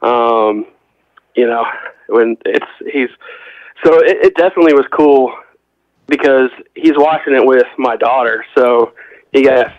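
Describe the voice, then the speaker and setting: A man's voice: medium pitch, a little slow, pauses often, dry recording. A middle-aged man, a podcast guest, telling rambling stories in casual chat and quoting other people as he goes. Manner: rambling storyteller, quotes others in conversation. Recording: dull lo-fi podcast audio.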